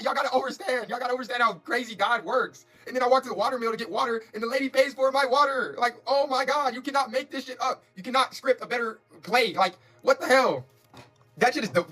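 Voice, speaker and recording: A man doing a live-streamed tarot reading, talking in quick, repetitive, emphatic bursts with preacher-like spiritual affirmations. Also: very high-pitched. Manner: fast, repetitive, emphatic and excitable. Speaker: tarot reader.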